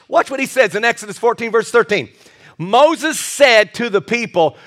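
A male pastor preaching a lively sermon with jokey asides and repeated restarts. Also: very high voice, moderate pace.

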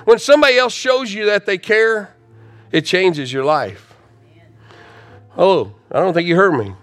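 A man preaching a sermon in a church, urging the congregation forward and praying with fervor, rising to shouts. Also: sits high, lively intonation, measured pace, dry recording, soft background music. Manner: repetitive, urging calls to the congregation. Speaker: pastor. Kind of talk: sermon with altar call and prayer. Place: church sanctuary.

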